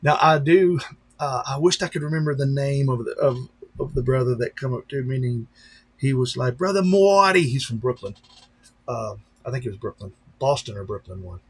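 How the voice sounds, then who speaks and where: A man with a husky, slightly breathy voice chats to his live-stream viewers. He is a pastor who talks loosely and rambles from one point to the next, greeting people as he goes. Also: medium pitch, steady tone, moderate pace. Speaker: pastor and drone-racing streamer. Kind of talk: casual live-stream chat.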